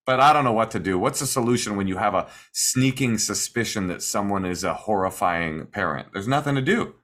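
A man co-hosting an advice podcast in casual chat, trading deadpan, sarcastic jokes. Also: on the low side, brisk. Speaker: podcast co-host giving advice. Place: hotel room.

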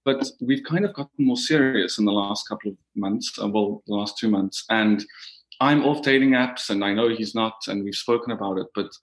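A man from Africa, calling in for advice, speaking in a relaxed, slightly hesitant way. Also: on the low side, moderate pace. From South Africa. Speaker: caller. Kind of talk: phone-in advice call.

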